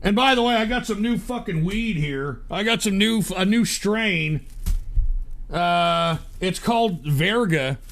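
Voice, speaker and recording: Gravelly, profane livestream host, high and tense. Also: male voice, expressive, measured pace, a bit bright. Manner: profane, angry ranting; stammering restarts. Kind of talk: ranting livestream broadcast.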